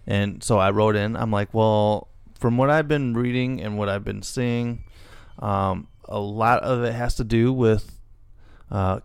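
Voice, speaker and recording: A man's voice: lowish voice, smooth, no room sound. A middle-aged man, co-hosting a casual podcast and rambling with frequent restarts. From Illinois, USA. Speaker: podcast co-host.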